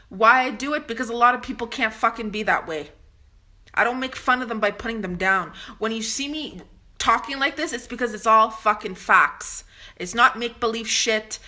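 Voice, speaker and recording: A woman's voice: a little high, bright, forceful tone. A woman talking to her channel in a blunt, profane, confrontational rant, restarting her sentences as she goes. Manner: ranting with frequent restarts. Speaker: vlogger. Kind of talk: profane monologue to camera.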